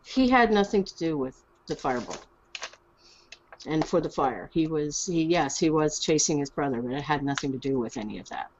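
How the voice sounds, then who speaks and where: A woman's voice: deep voice, animated, moderate pace, a little mellow, slight background noise. A woman playing an earnest young woman adventurer in a tabletop role-play game, speaking insistently and with animation. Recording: dull lo-fi mic.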